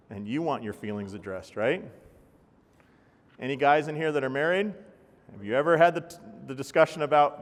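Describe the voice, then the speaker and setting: A man speaks live to an audience, upbeat and joking, with a fairly high voice. He keeps putting questions to the crowd. The sound carries a long reverb from a large hall. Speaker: speaker at a healthcare talk. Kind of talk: live keynote presentation.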